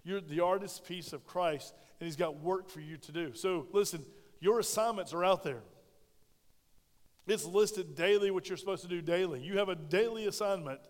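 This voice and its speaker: A pastor preaches with a notably high voice, calling out questions to the congregation. His delivery swings from loud, punchy emphasis down to quiet, close tones. The sound carries a long, ringing reverb from a large sanctuary. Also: normal speed. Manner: conversational, asks the congregation questions. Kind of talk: sermon. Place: church sanctuary.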